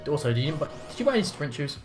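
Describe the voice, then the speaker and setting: A teasing let's play co-host who chats casually, laughs often and swears in passing. The voice sits at a middle pitch and swings widely as they talk. Faint game music plays behind. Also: very animated, racing. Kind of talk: casual gameplay chat.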